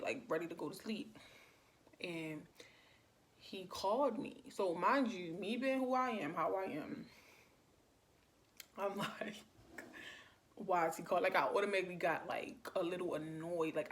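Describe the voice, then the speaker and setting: Chatty young woman telling a storytime. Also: fairly low pitch. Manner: chatty, many "like" fillers, animated retelling. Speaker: vlogger. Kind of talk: casual storytime.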